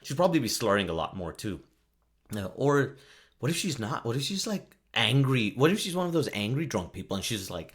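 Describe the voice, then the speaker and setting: Joking, animated man talking solo. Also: mid-range voice, brisk. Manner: joking, rambling, laughs often. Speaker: podcast host. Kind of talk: solo podcast monologue.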